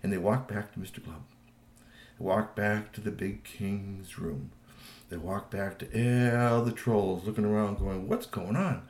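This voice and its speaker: A man improvising a bedtime story for his child, animated and meandering, in an echoey room. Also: on the low side, a little slow. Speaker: parent telling a bedtime story.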